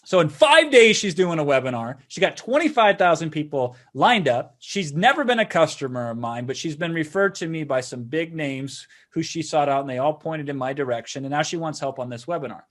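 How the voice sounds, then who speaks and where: A man leads a sales webinar with a somewhat raised pitch. He talks persuasively and conversationally, telling stories and checking in with his listeners as he goes. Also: expressive, a little fast, hardly any pauses, a bit bright. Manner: persuasive, conversational, frequent "right?" tags. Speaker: webinar host.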